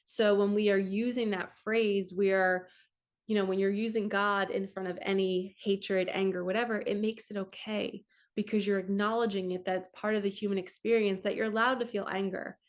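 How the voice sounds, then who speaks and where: A woman's voice: medium pitch, little pitch movement, normal speed. Woman, spiritual coach, casual vlog, computer camera at home, chatty, reads aloud and comments.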